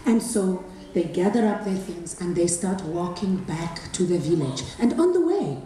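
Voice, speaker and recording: A woman telling a folktale live in rhythmic, expressive, repeating phrases. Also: fairly low pitch, normal speed. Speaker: storyteller. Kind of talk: live oral storytelling. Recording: echoey hall from far off, faint ambience.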